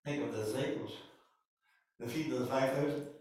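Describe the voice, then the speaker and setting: Scottish preacher in an echoey hall. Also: male voice, medium pitch, a little fast. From Scotland. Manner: animated storytelling, acting out Bible scenes. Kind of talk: sermon. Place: church hall. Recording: echoey church hall from far off.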